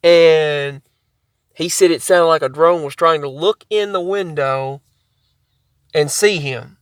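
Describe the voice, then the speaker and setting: Man vlogger, rambling storyteller, higher-than-usual pitch, close dry sound. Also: slow pace, clean tone, dry recording. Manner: rambling, repeats and restarts himself. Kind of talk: casual storytelling to camera.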